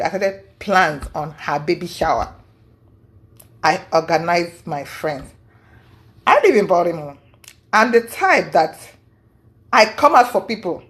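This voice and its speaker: A woman telling a personal story with feeling, repeating herself for emphasis and acting out what people said. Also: medium pitch. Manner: animated, acts out quoted speech, repeats herself for emphasis. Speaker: guest recounting a personal story. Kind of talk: emotional storytelling.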